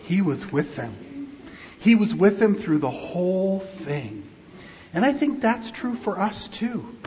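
A pastor telling a children's sermon, animated and coaxing the children to join in, recorded in a church. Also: male voice, high-pitched, takes it slowly, slight background noise. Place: church sanctuary. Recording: muffled sound in a long-echoing church hall.

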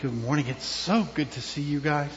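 A man's voice: a little high, moderate pace. A man, a pastor, giving a children's sermon in a church, telling a story with questions to the kids. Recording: dull with long church reverb.

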